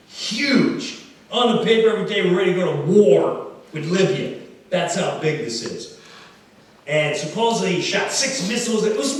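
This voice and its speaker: Animated male stand-up comic, echoey hall. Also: sits high. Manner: animated, laughing as he tells it. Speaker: stand-up comedian. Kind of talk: stand-up storytelling. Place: live concert venue stage. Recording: echoey venue, distant mic, noisy.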